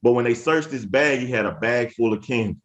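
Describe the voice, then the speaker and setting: A man's voice: medium pitch, a little fast, muffled recording. A man in his thirties giving a webinar talk to teachers, telling stories in an emphatic, preacher-like way, repeating phrases and calling on the audience. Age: 30s. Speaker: education speaker.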